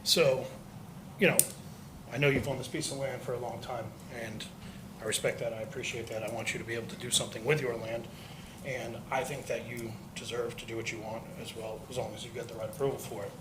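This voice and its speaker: A man's voice: mid-range voice, little pitch movement, background noise. Polite man at public comment. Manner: measured, polite, slightly hesitant. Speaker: resident speaking at public comment. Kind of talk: public comment at a council meeting.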